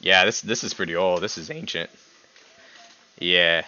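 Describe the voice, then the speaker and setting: A young man with a fairly low voice chats casually as a podcast host on a home stream. He teases his guest, laughs a lot, and his pitch leaps up when he gets excited. The sound is bright and dry but a bit dull and lo-fi. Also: measured pace. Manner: animated, teasing, laughs often, jumps in pitch when excited. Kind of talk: casual chat ranking characters with a guest.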